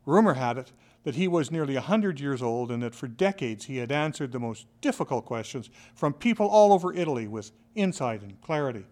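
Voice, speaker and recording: A man who is a motivational speaker, telling a scripted story in an expressive, dramatic way. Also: medium pitch, fairly quick, few pauses. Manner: expressive, dramatic, with shifting loudness.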